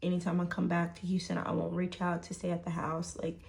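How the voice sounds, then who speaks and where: A woman's voice: fairly low pitch, monotone, a little fast, vocal fry, darkish tone. A woman, casually telling a personal story full of fillers and "right?". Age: 20s.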